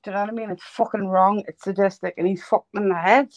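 A woman's voice: medium pitch, steady tone, fast, no room sound, rough recording. Live-stream host, woman, profane and heated, dry close sound. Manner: sweary, heated, blunt. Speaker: livestream host.

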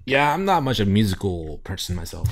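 Low-ish voiced guy on a podcast tossing in quick dry comments. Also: big pitch swings. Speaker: podcast co-host. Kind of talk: casual chat.

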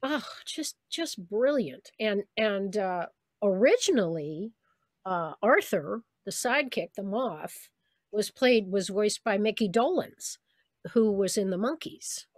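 A woman voice actress chatting on a video call, telling lively stories about her work and slipping into the voices of people she quotes. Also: mid-range voice, slow, no echo, clean studio sound. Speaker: voice actress guest. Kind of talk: casual interview on a video call.

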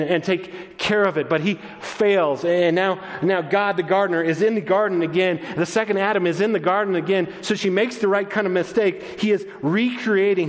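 A man preaching a sermon as pastor, moving between excited, raised passages and soft, hushed ones. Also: sits high. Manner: expressive, swings between loud excitement and soft hushed tones. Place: church sanctuary. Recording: long church reverb.

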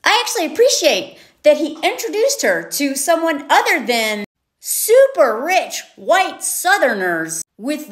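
A woman from the American South giving sarcastic, animated commentary and acting out characters' lines. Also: high-pitched, measured pace. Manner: animated, sarcastic, quoting characters in exaggerated voices. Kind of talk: casual commentary.

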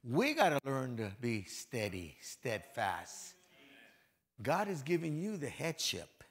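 Gravelly-voiced male pastor preaching. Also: mid-range voice, huge pitch swings, takes it slowly. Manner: conversational preaching with acted-out quotes, swinging from quiet to loud. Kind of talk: sermon. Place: church hall.

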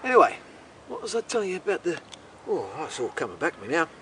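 Australian man, comic storyteller, rambling, profane, incredulous, lively pitch, distant mic. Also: quick pace, very noisy. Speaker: host.

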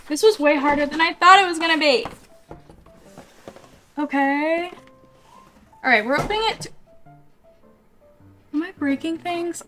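A woman vlogger chatting excitedly to her viewers as she unboxes collectible toys, gushing and struggling with the packaging. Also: sits high. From California, USA. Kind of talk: casual unboxing vlog.

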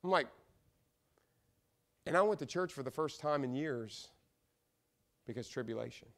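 A man with a Midwestern American accent preaching a sermon in a church, swinging from loud, emphatic repeated lines to hushed asides. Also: mid-range voice, animated, moderate pace. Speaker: pastor. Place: church sanctuary.

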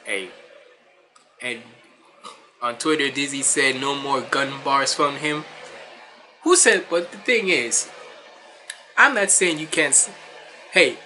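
A man's voice: medium pitch, slow, long pauses, pushed and bright, rough recording. A man hosting a casual music reaction, talking in a laid-back, rambling way, sounding nasal and stuffy from a cold.

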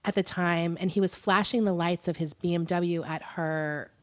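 A woman's voice: on the low side, steady tone, moderate pace. A young adult woman co-hosting a casual true-crime podcast, chatty and giggly as she reads quotes aloud. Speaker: podcast co-host.

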